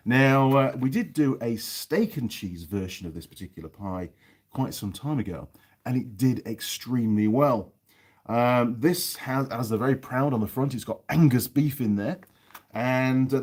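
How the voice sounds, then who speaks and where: A man with a softened Yorkshire accent, hosting a casual live stream from a cold workshop, chatting and reading out viewer comments. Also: medium pitch, breathy edge. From North Yorkshire, England. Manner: chatty, rambling, reads viewer comments aloud.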